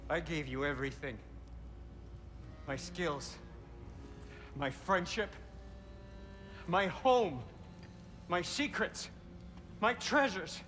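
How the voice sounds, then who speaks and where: An actor playing a grieving, embittered dwarf smith in a video game, speaking in a bitter, accusing way. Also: male voice, sits high, bright, forceful tone, long reverb tail, heavily acted. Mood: rising anguish.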